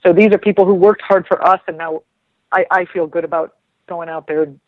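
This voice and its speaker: A woman's voice: lowish voice, fairly even intonation, a little fast, no echo. Chatty woman on dull radio line. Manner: chatty, rambling with restarts. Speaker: guest commentator. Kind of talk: casual radio chat.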